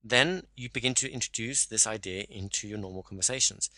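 A man's voice: fairly low pitch, brisk, sharp tone, no room sound. A man coaching a caller one-to-one, explaining exercises step by step and often checking in with "right?".

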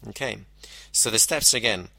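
A man gives a measured lecture on hypnosis, explaining techniques step by step and slowing down to stress key phrases. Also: lowish voice, vocal fry, sharp tone. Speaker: hypnosis instructor. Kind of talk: teaching lecture.

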